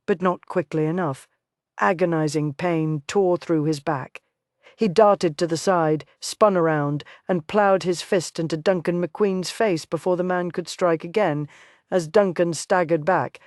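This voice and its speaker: An audiobook narrator reading a Western romance in steady, even storytelling. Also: mid-range voice, no room sound, studio quality.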